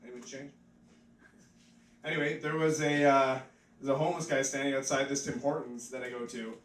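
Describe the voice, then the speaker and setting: A man's voice: mid-range voice, level tone, normal speed, fairly bright tone, far from the mic. Man, stand-up comic, rambling and offhand, echoey pub, faint room noise. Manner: rambling and offhand, full of "like" fillers. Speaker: stand-up comedian. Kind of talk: live stand-up comedy. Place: pub stage, live audience. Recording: echoey pub mic heard from afar.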